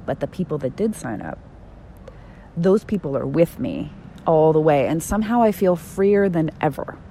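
A woman hosting her own podcast, talking candidly and bluntly, swearing freely and swinging between soft, tender phrasing and emphatic outbursts. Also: deep voice, a little hiss or hum. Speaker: podcast host. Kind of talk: candid solo podcast monologue.

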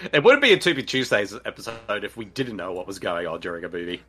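A man's voice: lowish voice, brisk, crowd noise. A man co-hosting a podcast, chatting casually and jokingly over a movie he is watching, laughing often. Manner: animated, jokey, laughs often. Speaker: podcast co-host. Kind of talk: casual movie commentary chat.

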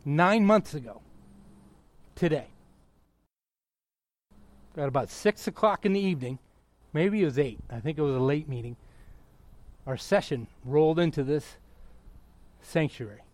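His voice is a little high, and he keeps a measured pace with frequent pauses in this dry recording. The middle-aged pastor preaches with excitement, breaking into shouts and then dropping to a quiet, near tone.

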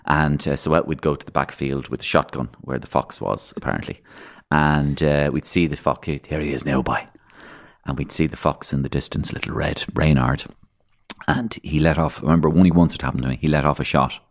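Irish male podcast guest, very low-pitched, anecdotal storyteller with a macabre wit. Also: fairly even intonation, a little fast. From Ireland. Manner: rambling anecdotal storyteller, dark humour, acts out voices.

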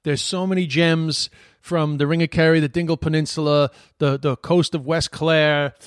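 Chatty Irish man, slightly higher voice. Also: little pitch movement, normal speed, clean tone, no room sound, studio quality. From Ireland. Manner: swears freely, chatty and rambling. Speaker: podcast host. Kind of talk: casual chat.

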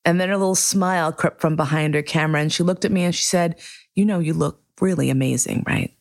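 Low-pitched woman, middle-aged, telling a blunt story on her podcast, swears a lot. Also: fast. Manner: candid, profane, animated retelling with acted quotes. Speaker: podcast host. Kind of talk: personal storytelling.

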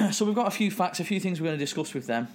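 A man's voice: sits high, expressive, fast. Guy late 20s, bouncy up-and-down voice, teasing podcast banter, faint hum. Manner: chatty, laughing, teasing storyteller. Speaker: podcast co-host. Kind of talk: casual banter.

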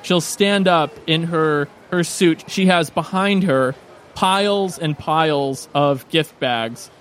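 A man narrating as game master in a tabletop game, relaxed and quick to laugh. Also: a little high, slight background noise.

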